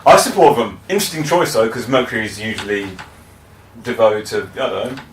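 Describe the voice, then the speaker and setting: A man co-hosting a podcast in casual chat, telling animated stories and swearing freely. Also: lowish voice, a little fast, slight background noise. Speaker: podcast co-host. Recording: roomy echo, mic at a distance.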